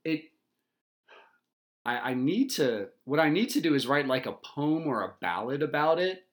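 A man's voice: fairly high pitch, very animated, moderate pace. A man who is a dad, co-hosting a casual podcast chat, rambling with lots of fillers and swearing freely. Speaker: podcast co-host.

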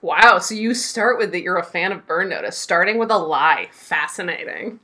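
A woman's voice: fairly low pitch, expressive, normal speed, sharp tone. A young woman co-hosting a podcast, directing a role-play with teasing, bossy banter and casual swearing. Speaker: podcast co-host.

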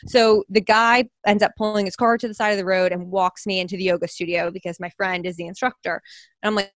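A young woman telling a personal story in a candid, animated way as an interview guest. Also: medium pitch, fast, dry recording.

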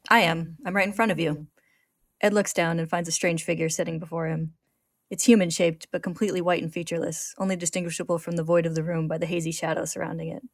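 A woman host narrating a story recap in a lively storytelling manner. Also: on the low side, quick pace, dry recording, studio quality. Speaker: podcast host.

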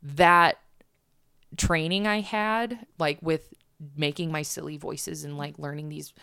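A woman with a low-pitched voice talks casually, rambling with frequent fillers and restarts. The recording is dry and close. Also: steady tone, takes it slowly, sharp tone, clean tone, no echo. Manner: chatty, lots of fillers and restarts. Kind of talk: casual chat.

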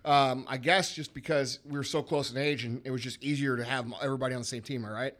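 A man's voice: mid-range voice, steady tone, quick pace, fairly bright tone. A man in his thirties hosting a podcast, telling stories in an emphatic, profane, casual way. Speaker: podcast host.

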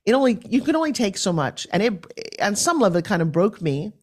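A woman from New York, a podcast guest, telling her story in an animated and forthright way. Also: medium pitch, brisk.

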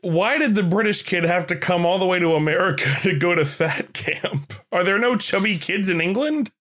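A man's voice: high-pitched, normal speed, fairly bright tone. A man co-hosting a casual podcast, chatty and agreeable, filling in with "right" and "like". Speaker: podcast co-host. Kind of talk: casual chat.

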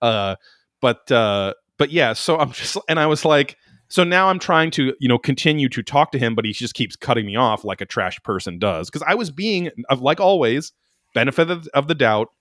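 Animated, profane male storyteller. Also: mid-range voice, moderate pace, dry recording, clean studio sound. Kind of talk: casual chat, storytelling.

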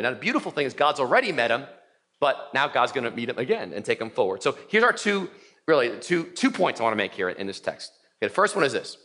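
A middle-aged male pastor preaching a sermon in a church, acting out biblical voices as he tells the story. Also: mid-range voice. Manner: animated, acts out voices of biblical figures. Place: church sanctuary in New York City.

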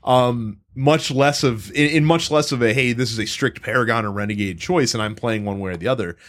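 A man co-hosting a casual talk about video games, with a voice of middling pitch. He tells long stories in a rambling, profane way and stops and restarts often. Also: brisk. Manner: rambling, profane, animated storytelling with frequent restarts. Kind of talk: casual gaming chat.

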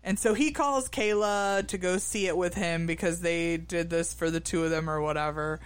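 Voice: mid-range voice, moderate pace, smooth, no room sound. A podcast co-host casually recapping a reality show, full of fillers and restarts. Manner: hesitant, many fillers and restarts.

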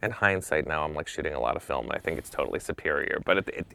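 A man telling stories as a guest in a casual interview, animated and swearing freely, acting out what others said. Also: a bass voice, racing, gravelly.

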